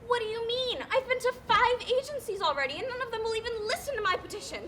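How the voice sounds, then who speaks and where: A woman's voice: very high-pitched, animated, fast, bright, forceful tone, slight background noise, heavily acted. A woman playing a distraught, pestering woman petitioner in a live stage play, whiny and theatrical, recorded on a school stage. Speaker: stage actor.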